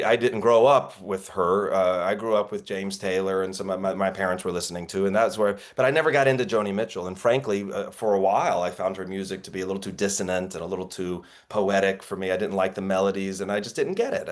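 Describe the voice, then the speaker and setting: A man coaching actors in an online workshop, telling stories in an earnest, reflective way over a video call. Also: fairly low pitch. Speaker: acting coach.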